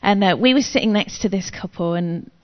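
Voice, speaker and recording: A woman preaching from her own experience, frank and chatty, with a self-deprecating streak. Her voice sits at an ordinary middle pitch for a woman. It's a muffled, lo-fi recording with a long echo, as if made in a large hall. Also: a little fast. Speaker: Christian speaker. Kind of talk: testimony-style preaching. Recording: long reverb, dull lo-fi sound.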